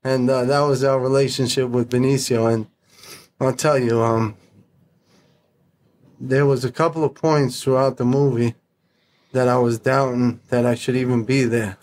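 A middle-aged man, a podcast guest, telling stories in a blunt, profane, animated way. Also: medium pitch, moderate pace, long pauses. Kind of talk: casual storytelling.

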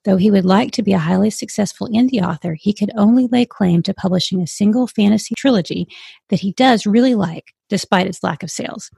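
Gravelly-voiced woman co-host. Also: medium pitch, brisk, dark tone, no echo. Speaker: podcast co-host. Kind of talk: casual interview chat.

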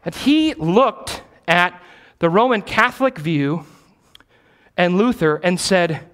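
A man's voice: high voice, lively intonation, slow, a bit bright. A male pastor giving a teaching sermon in a church. He speaks emphatically and repeats key phrases for stress.

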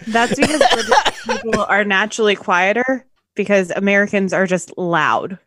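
A woman's voice: medium pitch, animated, normal speed, a bit bright, dry recording. A woman co-hosting a podcast in casual chat, with giggly, playful banter. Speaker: podcast co-host.

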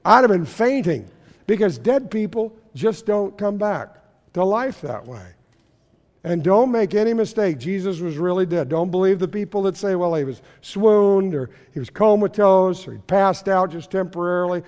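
Pastor, male, high register, storytelling sermon, reverberant church hall. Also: expressive, normal speed, darkish tone. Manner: storytelling, asks the room questions. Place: church sanctuary.

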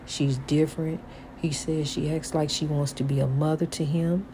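Against a noisy background, an older woman with a low-pitched, level voice speaks at a moderate pace. She is a grandmother calling the listener honey, offering folksy, repetitive inspirational advice about God, with preachy, God-centered encouragement.

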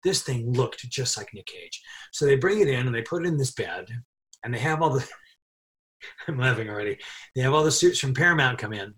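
A middle-aged man telling a crew anecdote in a casual interview, animated and quick to laugh. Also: medium pitch. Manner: animated storyteller, laughs often while telling. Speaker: film crew member telling a story.

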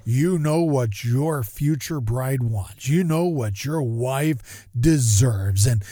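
A man imitating a deep-voiced male announcer delivering a slow, solemn sales pitch. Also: dark tone, dry recording, studio quality.

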